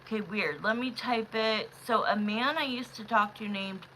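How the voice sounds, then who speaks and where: A woman reading tarot on a live stream, chatting casually with viewers, calling them love and honey, with sudden loud excited bursts. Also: on the high side, moderate pace, a little hiss or hum, rough recording. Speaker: livestream tarot reader.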